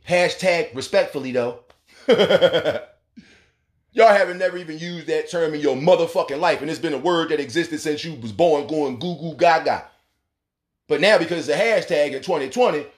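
A man hosting a radio talk show, delivering a profane, preachy rant with mocking rhetorical questions. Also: a little high. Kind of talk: casual monologue rant.

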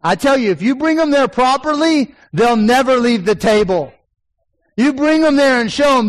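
Animated and high-pitched, a man in his forties preaches at a moderate pace to a congregation in the church sanctuary. The pastor weaves down-home personal stories into emphatic, building points, captured on a rough recording.

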